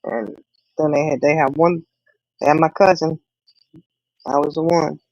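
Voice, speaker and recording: A woman's voice: low-pitched, steady tone, unhurried, a little mellow, no room sound, lo-fi sound. A middle-aged woman, chatting casually with viewers and rambling through family stories with laughs. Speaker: livestream host.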